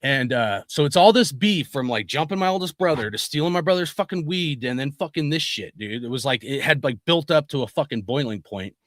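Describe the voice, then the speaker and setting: A man's voice: mid-range voice, expressive, a little fast, few pauses, no echo, clean studio sound. A young adult man telling a story from his life in a casual, rambling way, swearing often and saying "dude" and "like" a lot.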